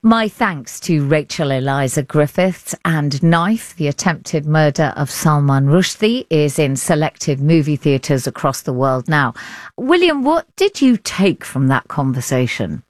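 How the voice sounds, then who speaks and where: An English woman presents a radio arts program with a lively, conversational delivery. Her voice sits a little low but swoops through a wide range. The studio sound is dry and close. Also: unhurried, dry recording. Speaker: radio arts show host.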